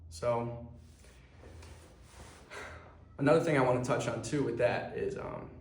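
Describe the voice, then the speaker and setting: A man's voice: mid-range voice, fairly quick. A young man talking earnestly to camera in a rambling way, with plenty of fillers. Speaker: clothing brand founder. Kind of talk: personal vlog monologue. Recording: echoey room.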